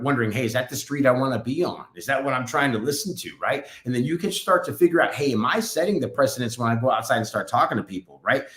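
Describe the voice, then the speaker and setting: A man's voice: medium pitch, a bit bright, reverberant. A man co-hosting a podcast, telling a rambling, upbeat story in casual chat. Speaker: podcast co-host. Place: podcast studio.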